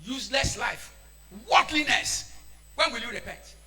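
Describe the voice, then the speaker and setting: A man with a Nigerian accent preaching a sermon, shouting and switching into Pidgin. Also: extremely high pitch, animated, a little slow.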